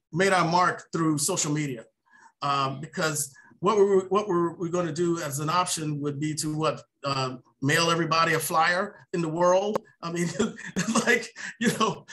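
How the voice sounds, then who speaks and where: Animated man telling a story, bright voice. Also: high voice. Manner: animated storyteller, acts out quotes, laughs often. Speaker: piano maker and inventor. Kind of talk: storytelling in an interview.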